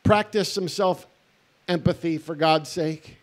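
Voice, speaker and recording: A middle-aged male pastor speaks at a festival in a fairly high voice. He tells stories in an earnest, conversational way and drops in wry asides. His delivery moves between warm sincerity and quick humor. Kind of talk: festival talk, sermon-like.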